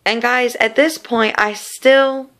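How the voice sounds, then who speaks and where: A woman's voice: a little high, steady tone, a bit bright. A woman sharing a personal faith testimony in an earnest, casual storytelling way, often repeating words. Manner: earnest, repetitive, slow in places.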